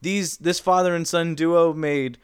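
A man's voice: on the high side, fairly even intonation, measured pace, smooth, no echo. A young man rambles through an explanation with plenty of "like" and "um." His voice sits in the middle range. The recording is dry and close, with no room sound. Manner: rambling explainer, many fillers. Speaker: podcast cohost. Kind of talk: casual chat.

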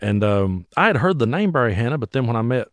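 Fast-talking musician. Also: male voice, medium pitch, no room sound, studio quality. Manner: animated, acts out voices. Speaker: musician guest. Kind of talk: casual storytelling.

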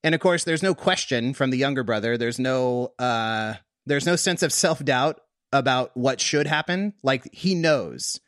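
A man's voice: mid-range voice, a little slow, few pauses, fairly bright tone, no room sound, clean studio sound. A man co-hosting a podcast, talking casually through a Bible story with many fillers and restarts. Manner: chatty, full of fillers and restarts. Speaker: podcast co-host. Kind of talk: casual conversational Bible discussion.

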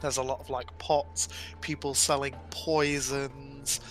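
A man's voice: mid-range voice, level tone, takes it slowly. A man narrating a tabletop game as game master in a loose, descriptive way, with frequent ums. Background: faint music.

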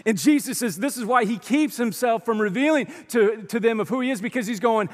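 A man preaching a sermon as a pastor, telling the story in an animated way and acting out what people say, with sighs. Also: very high-pitched, brisk, hardly any pauses. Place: church auditorium. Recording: long reverb of a large hall.

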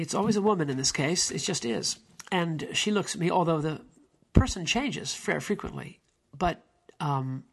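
A man's voice: fairly high pitch, gravelly, a bit bright, husky. A man giving a spoken lecture on language in a musing, digressive way, now and then mimicking how people intonate.

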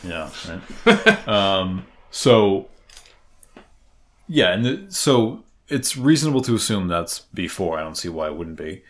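A man with a Boston accent talks casually on a podcast in a low, deep voice. He is excitable and rambling, restarting his sentences as he goes. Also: unhurried. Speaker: podcast co-host. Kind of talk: casual chat.

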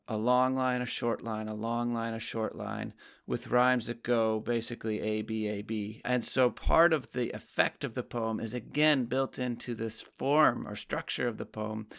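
A man's voice: mid-range voice, gravelly, a bit bright, clean tone. A man co-hosting a conversational discussion of poetry, patiently explaining lines of verse.

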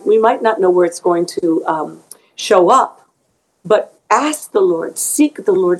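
A woman's voice: fairly low pitch, expressive, a little slow, darkish tone, low-quality recording. A middle-aged woman being interviewed as an author, speaking earnestly and emotionally about faith, often repeating words as she goes.

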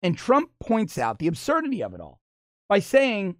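A man delivering an opinion monologue as a political commentator, animated and mocking, often laughing as he talks. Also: high voice, normal speed, no room sound, studio quality.

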